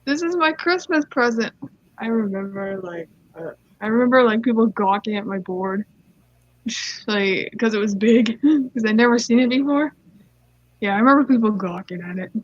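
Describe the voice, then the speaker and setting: A woman's voice: mid-range voice, moderate pace, no room sound. A young woman casually reading online stories aloud, giggling and rambling off into side comments. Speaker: story reader. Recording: dull lo-fi dry mic.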